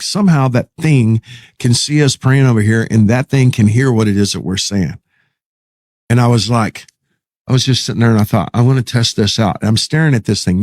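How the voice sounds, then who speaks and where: A middle-aged man telling a story in a folksy, animated way, acting out what he said at the time. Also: mid-range voice, no echo, clean studio sound. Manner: folksy, animated, quotes himself. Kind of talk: casual storytelling.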